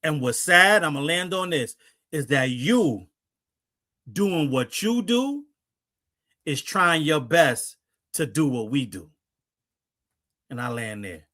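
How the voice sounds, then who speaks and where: A man's voice: fairly high pitch, sing-song, takes it slowly, long pauses, sharp tone. A man speaking in a defiant, preachy way on a podcast, repeating his points for emphasis. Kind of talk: casual commentary.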